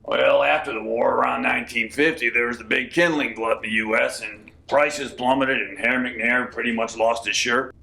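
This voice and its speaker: A man spinning folksy, deadpan tall tales in a comic interview. His voice has a gravelly texture with a sharp, bright edge. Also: medium pitch, moderate pace, few pauses. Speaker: comic storyteller.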